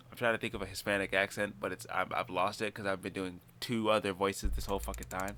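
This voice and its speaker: A man's voice: deep voice, little pitch movement, fast, few pauses, sharp tone, a little hiss or hum. A man hosting a let's play, making frank, profane and exasperated asides. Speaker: gaming video host.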